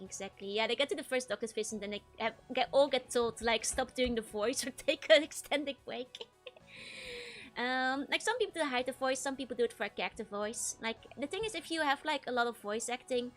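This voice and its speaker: A woman's voice: on the high side, quick pace, fairly bright tone, soft background music. A young woman, chatting casually with her stream chat, giggling often and restarting her sentences. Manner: giggly, laughs often between phrases; stammering restarts. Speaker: VTuber streamer.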